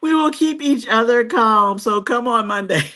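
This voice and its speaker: A woman's voice: fairly high pitch, measured pace, sharp tone. A woman hosting a live stream who chats casually with viewers and reads their comments. She is chatty, laughs often and teases herself. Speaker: host of a cruise travel channel.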